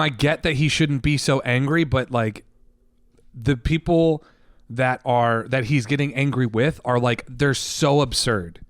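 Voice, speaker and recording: A man in casual podcast talk, loose and profane, rattling through movie scenes he liked and didn't. His voice sits at a middle pitch, and the sound is dry and close with no room around it. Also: dry recording. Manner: loose, swearing, fast retellings of scenes. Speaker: podcast co-host. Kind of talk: casual film review chat.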